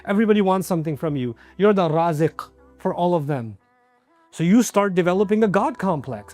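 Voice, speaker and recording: High-voiced man preaching conversationally. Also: expressive, fairly quick, a little mellow, soft background music. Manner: conversational, rhetorical questions, acts out quoted voices. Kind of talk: religious lecture.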